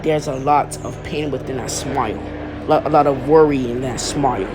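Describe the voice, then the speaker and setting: A man voicing a big, blunt superhero mentor in a plain, halting read-out voice. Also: mid-range voice, steady tone, music in the background, close to an everyday voice. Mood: gentle.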